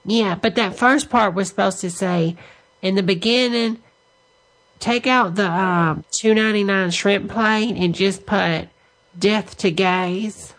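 Woman prank caller, deadpan and unhurried, leisurely pace, mid-range pitch. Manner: deadpan, slow and drawn-out spelling. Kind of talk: prank phone call.

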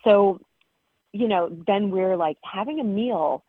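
A woman's voice: mid-range voice, slow pace, dry recording. A woman co-hosting a podcast, telling a story in casual, chatty talk full of "like" and "um". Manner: chatty, lots of "like" and "um". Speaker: podcast co-host. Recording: tinny phone line.

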